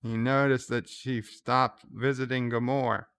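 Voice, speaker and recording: Slow, smooth-voiced man recapping a show. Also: medium pitch, level tone, fairly bright tone. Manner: casual plot retelling with fillers and restarts. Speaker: channel host recapping an episode. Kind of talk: live reaction commentary, retelling scenes.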